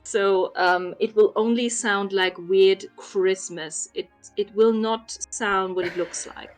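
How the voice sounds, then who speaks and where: A woman's voice: mid-range voice, steady tone, slow, faint music behind. A woman in casual conversation, explaining things patiently like a teacher, with frequent ums. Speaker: guest explaining Japanese Christmas. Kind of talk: casual chat.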